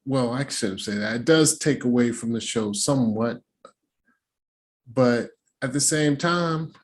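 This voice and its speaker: A middle-aged man hosting a casual show recap, talking in slangy, animated asides and jokes. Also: mid-range voice, a little slow, a little hiss or hum. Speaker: recap host.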